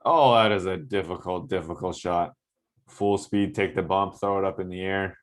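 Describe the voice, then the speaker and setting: Speaking at a moderate pace in a low voice, a man who trains basketball players offers conversational commentary on game film. Good plays get him animated, and he keeps checking in with listeners through coaching asides and a frequent "right?"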